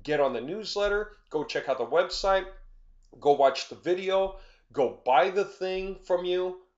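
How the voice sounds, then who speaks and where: A man explaining a marketing tool in a loose, conversational sales pitch, often checking in with "right?" and "okay?". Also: expressive, measured pace. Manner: acts out little scenes in quoted voices. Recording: slightly dull lo-fi audio.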